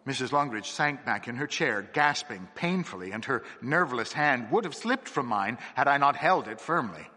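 A man reading a ghost story aloud in a measured, expressive storytelling manner. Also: medium pitch, big-room sound. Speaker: narrator. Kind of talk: scripted narration of a ghost story.

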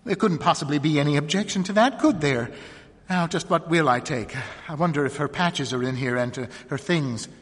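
A man reading a story aloud, putting on the soft, hesitant voice of a timid middle-aged sheriff's wife. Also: a little high, fairly quick, husky, in a large hall.

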